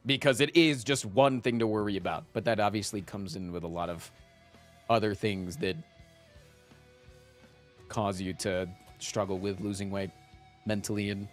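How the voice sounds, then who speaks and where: A man streaming live who chats casually with his viewers, rambling and animated, often tacking "man" onto his sentences. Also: fairly low pitch.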